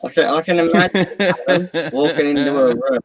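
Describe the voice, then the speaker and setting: A man's voice: on the high side, a little fast, crowd noise, poor audio. A man in crude, brash casual banter with friends, boasting and acting out his own lines. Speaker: friend on a hangout stream.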